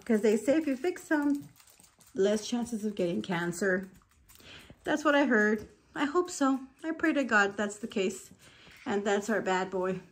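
A woman in her forties talks to her camera at home, chatty and gushing, slipping into fond baby talk with her dogs. Her voice sits a little high and her pace is unhurried and drawn out. The delivery is relaxed, everyday vlog chat. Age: 40s. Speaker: lifestyle vlogger.

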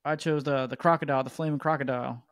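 A man, hosting a casual podcast chat and telling rambling, animated stories. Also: medium pitch, quick pace, dry recording, studio quality. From Georgia, USA. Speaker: podcast host.

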